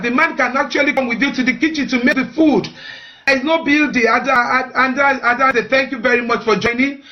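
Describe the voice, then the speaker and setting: A woman's voice: on the high side, a bit bright, lo-fi sound. A woman hosting a live-streamed marriage advice talk. She speaks earnestly, repeats herself and often asks "you know what?".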